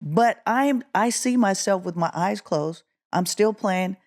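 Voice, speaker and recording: A middle-aged woman from Oakland, California, a guest musician telling a story in an interview, acting out the quotes with a rising voice. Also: measured pace. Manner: animated, acts out quotes with rising pitch.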